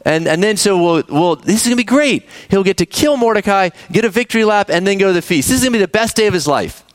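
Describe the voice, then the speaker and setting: A man preaching a sermon, telling the story with animated energy, acting out characters and speaking to the kids in the room. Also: high voice, fast, dry recording. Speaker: pastor.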